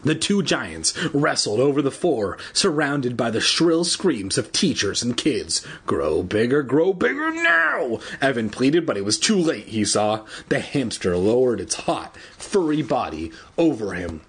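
A man's voice: medium pitch, sing-song, a little slow, hardly any pauses, breathy edge. A man reading a children's book aloud casually, adding joking asides and laughing at his own slips. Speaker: reader.

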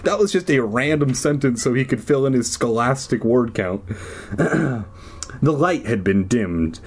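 A man's voice: mid-range voice, animated, normal speed, breathy edge. A man reading a children's horror book aloud with sarcastic, swearing asides.

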